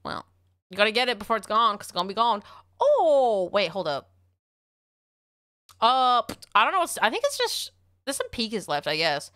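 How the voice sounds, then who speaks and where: Australian woman streamer, high, bright voice, swings all over, rambling and sweary. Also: moderate pace, pauses often, no room sound, clean studio sound. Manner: rambling, excitable, swears often, talks to chat. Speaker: livestreamer. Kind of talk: casual livestream chat.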